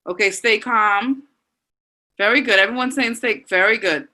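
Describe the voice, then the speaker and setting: A woman teacher with a Bahamian accent, leading an online class and warmly reading out and praising students' answers. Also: mid-range voice, moderate pace, rough recording. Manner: encouraging, reads students' answers aloud with frequent praise.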